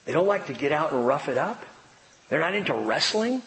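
A middle-aged male pastor preaching a sermon with animated delivery, acting out the voices of children and parents. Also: fairly high pitch, fairly quick. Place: church sanctuary. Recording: long reverb in a large hall, faint background ambience.

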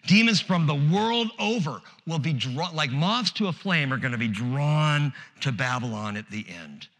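A man preaching an expository sermon as pastor, animated and conversational, with humorous asides. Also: a little high, moderate pace, in a large hall.

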